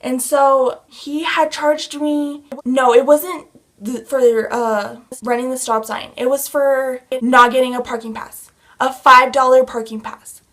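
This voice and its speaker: Young woman vlogger, high voice, mad and cussing thru a storytime rant. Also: unhurried. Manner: heated, profane, animated storytelling.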